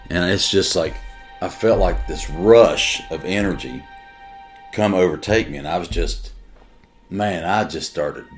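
In a low voice, a middle-aged man who works as a police detective recounts something personal in an interview. He speaks with earnest emotion and halting restarts while soft music runs behind him.

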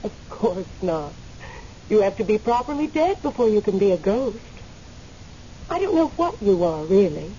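An actress playing the spirit of a dead woman who waits in limbo, speaking in a gently teasing, unhurried way in a radio drama. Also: mid-range voice, very animated, close to an everyday voice. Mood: calm, teasing. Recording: muffled radio recording, faint hiss.

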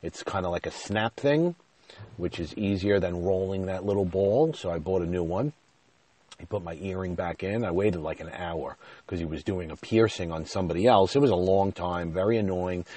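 A man hosting his own podcast, telling a rambling, self-deprecating story full of "you know," his voice jumping up and getting loud when he retells an argument. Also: deep voice, moderate pace. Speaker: podcast host. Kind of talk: casual storytelling monologue. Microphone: podcast mic.

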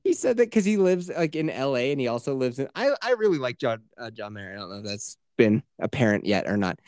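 Swearing man in lively podcast banter. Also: mid-range voice, brisk, no room sound, clean studio sound. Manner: laughs often, retells stories, swears casually. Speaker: podcast co-host. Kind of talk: casual chat.

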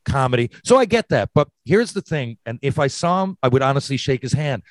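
A middle-aged man, a former hockey player, talking loudly in a casual chat, animated and full of swearing. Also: medium pitch, brisk, no room sound. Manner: loud, profane, animated.

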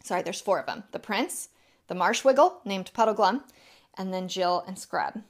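A woman teaching a church group who pauses to explain, then reads a storybook aloud. Her voice sits in the middle range and she talks with the odd halt. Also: medium pitch. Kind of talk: teaching and reading aloud from a novel.

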